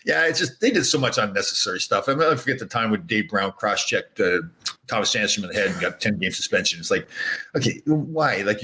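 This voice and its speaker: A man in his sixties with a low, bright voice, rattling off stories at a fast clip. He acts out quoted lines as he goes, in a casual interview-guest manner. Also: poor audio. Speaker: guest, former pro hockey player.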